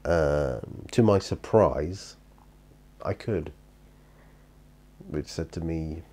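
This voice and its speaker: British male hobby vlogger, low and mellow, tired, rambling chat. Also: very slow, long pauses, breathy edge. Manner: rambling, chatty, with many fillers and restarts. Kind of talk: casual chat. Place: hobby room at home.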